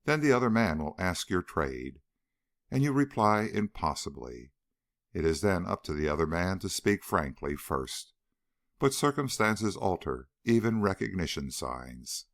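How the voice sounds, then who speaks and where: A male narrator reads a story aloud with expressive storytelling. His voice is very low and moves animatedly through pitch. The recording is dry and close. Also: no echo. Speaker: audiobook narrator. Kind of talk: scripted narration.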